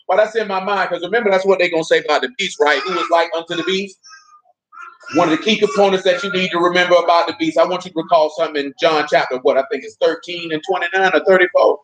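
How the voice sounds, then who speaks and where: A man's voice: sits high, steady tone, fast, fairly bright tone, rough recording. A man preaching a sermon in a loose, conversational way, with speech patterns, often asking his listeners questions.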